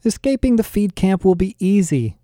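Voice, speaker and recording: A man voicing an earnest, oddly literal young man from another world, slow and halting. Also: high voice, big pitch swings, warm tone, no echo, studio quality, pitched above the performer's own voice. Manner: slow, halting, proud and naive.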